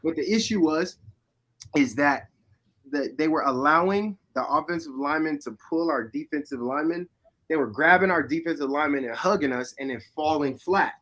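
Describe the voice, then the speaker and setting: Guy telling an old football story, kinda high voice, gets loud and animated. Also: brisk. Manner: animated storyteller, shouting replays. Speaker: former player guest. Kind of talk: storytelling in casual chat.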